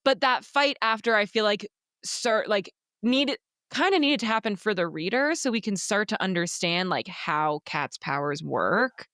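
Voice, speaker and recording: With a mid-range, fairly bright voice and lively intonation, this woman speaks at a moderate pace on a clean studio recording free of room sound. As co-host of a casual book podcast, she's animated, swears freely and performs characters' lines.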